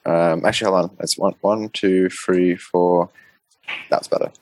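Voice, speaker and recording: A man playing in a tabletop game, hesitant and full of ums, counting his moves out loud. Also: low voice, steady tone, measured pace. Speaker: player.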